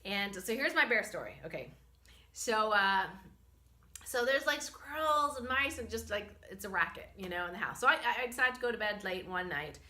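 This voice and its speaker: Bright-voiced woman telling a lively story. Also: medium pitch, moderate pace. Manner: animated, chatty, many fillers, laughs often. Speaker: host and spiritual medicine practitioner. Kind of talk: casual storytelling. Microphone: camera she holds herself.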